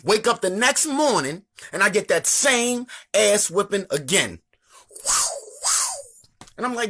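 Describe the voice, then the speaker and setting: A comedian from Baltimore, Maryland, tells funny stories in a loose, profane monologue, his local accent clear. His slightly high voice leaps around in pitch and stays animated throughout, though he speaks slowly with long pauses.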